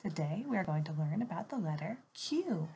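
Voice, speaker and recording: A woman teacher giving a phonics lesson to young children from home, slowly and clearly modeling letter sounds in an animated, sing-song way. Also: lowish voice, slight background noise.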